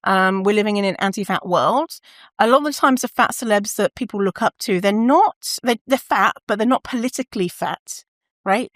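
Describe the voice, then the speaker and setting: A woman talking on her own podcast in a loose, candid way. She swears without a second thought and laughs through her stories. Her voice sits at an ordinary middle pitch and sounds close and dry, with no room sound around it. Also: normal speed, a bit bright, no room sound. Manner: candid, swears freely, laughs often, acts out quoted voices. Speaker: podcast host. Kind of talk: casual solo podcast monologue.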